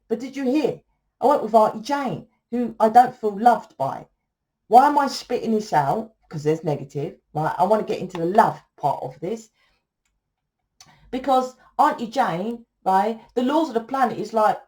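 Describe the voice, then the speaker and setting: A woman's voice: medium pitch, lively intonation, normal speed, dark tone. Blunt, swearing woman. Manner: blunt and profane, rambling, tags sentences with "right?". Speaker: tarot reader. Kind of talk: casual spiritual monologue.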